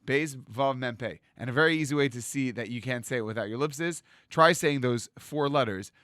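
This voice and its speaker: A man giving a rabbi's Torah sermon in a lively storytelling manner, acting out the lines he quotes. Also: mid-range voice, brisk, dry recording, studio quality. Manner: animated storytelling, acts out quotes.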